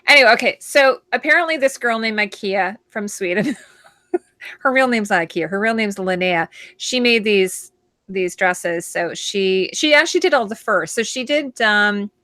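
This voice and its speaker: A woman's voice: mid-range voice, animated, normal speed, bright, forceful tone, no room sound. A woman from Canada hosting a casual live chat over a video call, talking in a rambling, chatty way with frequent restarts. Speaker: host.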